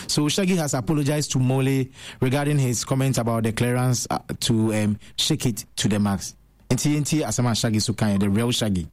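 A man's voice: medium pitch, fast talker, darkish tone, no room sound. Man hosting casual showbiz chat. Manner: mixes English and Twi, laughs along. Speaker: entertainment news host.

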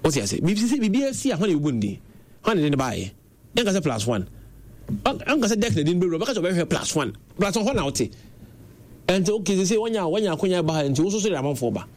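High-voiced and fast, a young Ghanaian man recounts stories in a casual conversation with a Ghanaian accent. He's lively, moving back and forth between Twi and English, and the recording has faint background noise.

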